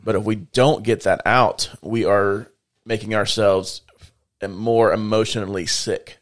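A man's voice: fairly low pitch, fairly even intonation, measured pace. A man co-hosting a faith-based podcast, talking in a reflective, casual way and explaining with everyday analogies. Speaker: podcast co-host.

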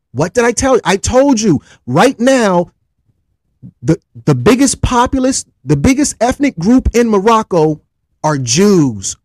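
Animated man lecturing his livestream chat. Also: high voice, no echo, clean studio sound. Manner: animated, repeats points call-and-response style; jokes with chat, many restarts. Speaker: livestream host. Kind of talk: casual livestream history lecture.

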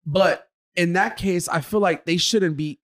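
Young male co-host, slightly higher voice, casual bro chat, swears a lot. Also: a little slow, fairly bright tone. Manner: loose, laughing, swears freely, says "bro" a lot. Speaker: podcast co-host.

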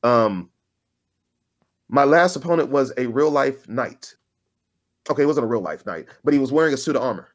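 A man co-hosting a podcast in casual chat, an animated storyteller who acts out the voices of the people he quotes. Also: medium pitch, normal speed, pauses often. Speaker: podcast co-host.

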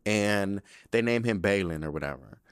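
Profane ranting young man, low voice. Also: moderate pace, clear, resonant tone, dry recording, clean studio sound. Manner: profane, animated ranting with lots of slang. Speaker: podcast host. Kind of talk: casual TV episode recap.

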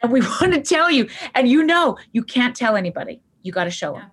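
A woman's voice: fairly high pitch, sing-song, fairly quick, slightly rough. A woman guest on a parenting podcast, speaking passionately and emphatically, often repeating her key points. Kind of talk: conversational podcast talk.

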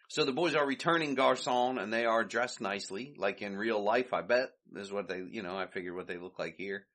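A man's voice: on the low side, moderate pace, fairly bright tone. Chuckling man recapping an old comedy. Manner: chuckles often, loose and chatty. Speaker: podcast host. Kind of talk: casual retelling of a comedy film.

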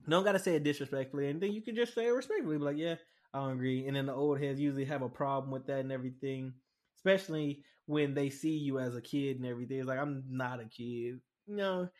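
A young man in casual chat, telling a story bluntly and acting out the voices he quotes. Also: mid-range voice. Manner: animated, acts out quoted voices; blunt, frank.

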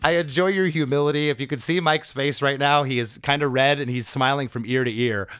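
An energetic man hosts a relaxed music conversation, picking apart a song section by section. He quotes lyrics in playful voices and sounds close and dry on the mic. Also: mid-range voice, fairly quick, clean tone, no echo. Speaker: podcast host. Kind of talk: casual music chat, breaking down a song.

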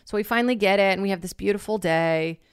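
Animated, swearing woman telling a story. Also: mid-range voice, fast, clear, resonant tone, dry recording, clean studio sound. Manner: animated, swears freely, acts out quoted lines loudly; heavy use of filler "like". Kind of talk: casual storytelling.

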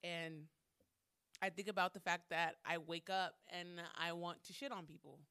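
A woman's voice: on the low side, fairly even intonation, normal speed, bright, forceful tone, clean tone. A woman hosting a solo podcast monologue, talking candidly with frequent swearing and repeating lines for emphasis. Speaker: podcast host.

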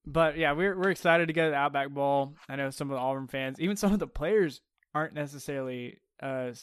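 A man hosts a casual sports podcast, talking in a chatty, stop-start way full of fillers. His voice is smooth and clear. The sound is dry and close. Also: fairly high pitch, a bit bright, no echo. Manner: chatty, halting with restarts and fillers. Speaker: podcast host.

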